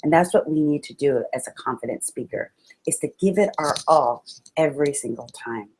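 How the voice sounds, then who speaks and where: A woman motivational speaker in a webinar, talking to her listeners like friends. Her voice sits a little low, and her delivery is animated and expressive, with sudden exclamations. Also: brisk, slight background noise. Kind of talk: webinar talk on public speaking.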